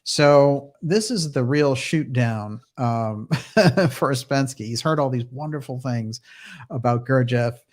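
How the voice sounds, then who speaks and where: A man's voice: medium pitch, slow. A man hosting a livestream talk show, telling a story in a casual, conversational way with easy laughs. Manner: conversational fillers and restarts. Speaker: host. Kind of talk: livestream commentary and reading.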